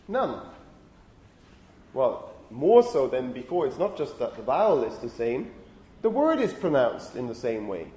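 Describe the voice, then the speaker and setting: Male lecturer, animated delivery, fairly high voice, roomy hall sound, explanatory teaching tone. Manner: explanatory, checks in with "okay?". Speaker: university lecturer. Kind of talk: phonetics lecture.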